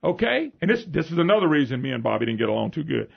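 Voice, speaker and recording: A man with a Louisiana Southern accent hosts a talk radio show, spinning folksy anecdotes with lively swings in pitch. His voice is deeply gravelly and husky, sitting a little high for a man. The broadcast sounds dull and lo-fi. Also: racing. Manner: animated, folksy, rambling anecdotes.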